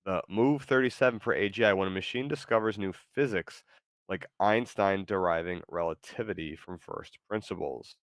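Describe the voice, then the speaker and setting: Stream host, man, very low voice, halting and rambling, dry close mic. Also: dry recording. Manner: halting, full of fillers and restarts. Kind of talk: casual stream chat.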